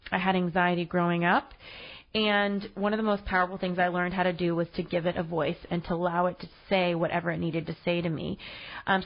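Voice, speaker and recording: A woman's voice: on the low side, highs cut off. A woman podcast host, in her late twenties or thirties, giving earnest, encouraging self-help advice in a solo reflection.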